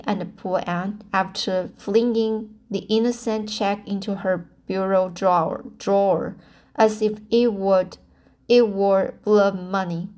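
A woman reading a novel aloud at a very slow pace. She stumbles often, restarting phrases and repeating words as she goes. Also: mid-range voice. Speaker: audiobook reader.

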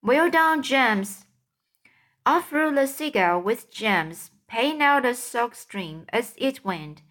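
Woman, children's storybook reading, very slow pace, careful delivery. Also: fairly high pitch, animated, a bit bright. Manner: slow, careful, occasional slips. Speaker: reader.

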